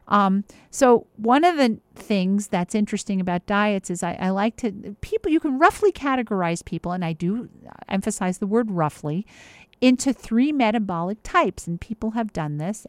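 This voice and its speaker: A woman's voice: mid-range voice, no echo. Woman, casual advice host, emphatic and chatty, mid-range voice, dry close sound. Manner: chatty, emphatic, with many fillers and restarts. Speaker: host giving health advice.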